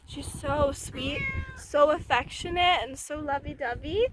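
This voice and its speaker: High-pitched woman vlogging outdoors. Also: a little slow, noisy background. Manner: coos in a high baby-talk voice. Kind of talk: casual vlog. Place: outdoors by a barn.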